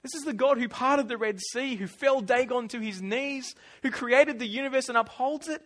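A man preaching a sermon, animated and acting out quoted voices, then dropping to quiet asides. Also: very high-pitched, moderate pace.

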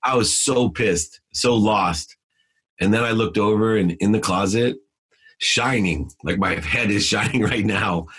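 A man's voice: fairly low pitch, a little slow, a bit bright, slightly rough. A middle-aged man telling a personal story in an emphatic, preachy way, then giving motivational advice as a podcast guest.

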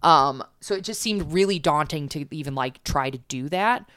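Woman, low voice, casual chat, filler-heavy, dry close sound. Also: expressive, normal speed, a bit bright, smooth, dry recording. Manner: chatty, lots of fillers and restarts.

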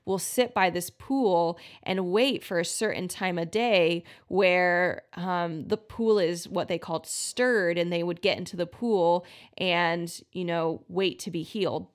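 A woman's voice: on the low side, a little slow. A woman hosting her own podcast as a health practitioner, talking casually with lots of fillers and acting out quoted voices. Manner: chatty, many "like" fillers, acts out quoted voices. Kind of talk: casual solo podcast talk.

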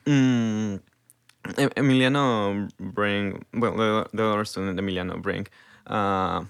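Slow halting man. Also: lowish voice, fairly even intonation, gravelly, clear, resonant tone. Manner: hesitant, halting with many ums. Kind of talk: casual chat.

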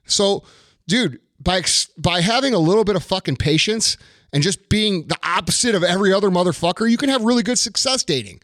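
A man's voice: sits high, animated, brisk, fairly bright tone, dry recording, clean studio sound. A man giving blunt dating advice in casual podcast chat, profane and emphatic.

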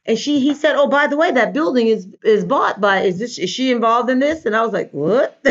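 A woman, a life coach, telling an animated story in a casual interview and acting out the voices of the people she quotes. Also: a little high, moderate pace. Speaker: guest, life coach and trainer. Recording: dull lo-fi recording.

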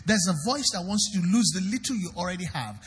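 A man's voice: high-pitched, expressive, fast talker, slightly rough, big-room sound. A Nigerian man preaching a sermon as pastor, emphatic and questioning the congregation directly.

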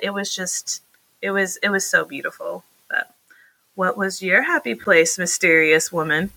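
A woman in her thirties chats on a podcast with a bright, ringing voice. She tells stories with animated energy, her pitch jumping up as she laughs. The sound is dry and close. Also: normal speed, no room sound, rough recording. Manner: animated, laughing storyteller with lively jumps in pitch. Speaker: podcast co-host. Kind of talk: casual chat.

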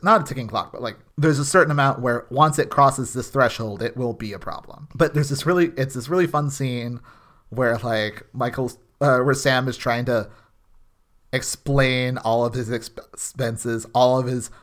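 In a casual podcast chat, this male co-host recaps a TV episode in a rambling way, restarting often. His voice is mid-range with a fairly bright tone.

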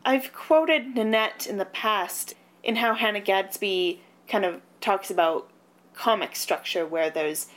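A woman co-hosting a relaxed film podcast. She speaks in short, dry lines, making her points briefly and plainly. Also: mid-range voice, unhurried. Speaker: podcast co-host. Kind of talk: casual film discussion.

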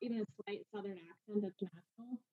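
A woman comedian in casual chat, talkative and quick to laugh, who says "like" a lot. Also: mid-range voice, steady tone, husky. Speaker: comedian, guest. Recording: muffled lo-fi audio.

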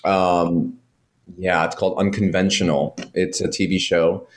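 A man, a guest from New York, telling animated stories in casual chat and swearing freely. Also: sits low. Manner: animated storytelling, heavy swearing, quick asides.

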